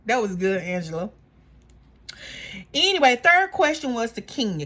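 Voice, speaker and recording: A woman's voice: a little high, moderate pace. Gossipy woman recapping reality TV. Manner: gossipy, animated, acts out quotes from cast members. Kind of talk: casual recap chat.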